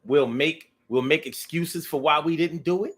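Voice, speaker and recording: A man talking in a casual, rambling monologue, animated and profane, to his own audience. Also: fairly high pitch, normal speed. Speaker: vlogger.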